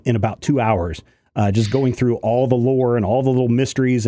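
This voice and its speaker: Brief: laid-back male co-host and father, warm, low-key delivery. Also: no echo, studio quality. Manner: warm, easygoing dad telling an anecdote. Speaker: podcast co-host. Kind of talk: casual chat.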